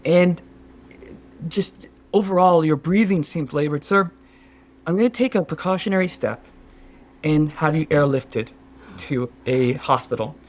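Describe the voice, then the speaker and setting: A man's voice: fairly high pitch, unhurried, pauses often, close to an everyday voice. A man playing a fawning, scheming Sherpa guide. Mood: mock-concerned. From Canada. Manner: fawning, mock-concerned, keeps saying sir. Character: scheming male Sherpa guide, overly polite. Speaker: podcast co-host. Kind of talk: improvised comedy sketch.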